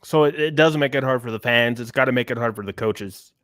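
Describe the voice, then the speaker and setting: A man's voice: mid-range voice, a little fast, fairly bright tone, no room sound, studio quality. A man co-hosting a sports podcast, chatting casually and giving firm, emphatic opinions. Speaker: podcast co-host.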